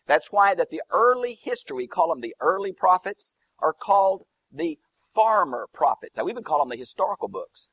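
A man's voice: sits high, moderate pace, breathy edge, no room sound. A man teaching through a Bible passage verse by verse, explaining Greek and Hebrew terms with emphatic lists. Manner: lively, swooping emphasis on key words.

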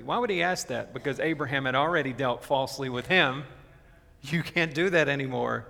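A man preaching a sermon as pastor, earnest and slowing down to stress his key points. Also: medium pitch, expressive, creaky, sharp tone. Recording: long reverb of a large hall.

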